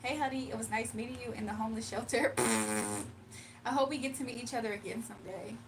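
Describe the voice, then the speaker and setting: Heavy background noise and a distant mic surround this young Southern woman's slightly high, expressive voice, which runs a little fast. Streaming from a room in her home, the livestreamer and spiritual reader chats casually, reads comments aloud and laughs a lot.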